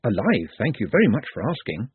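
A man's voice: medium pitch, wildly swooping pitch, brisk, husky, dry recording, heavily acted. A man voicing an odd, polite young man who speaks formally and precisely, like a mantra. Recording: tinny phone-like dry audio.

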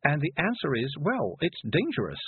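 A timid, kindly older witch, as a male narrator puts her on, her voice raised and hesitant. She placates rather than commands, soft and husky. The recording is dry and narrow like a phone. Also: fairly high pitch, huge pitch swings, normal speed, no room sound, voice pushed up, exaggerated voice. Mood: placating.

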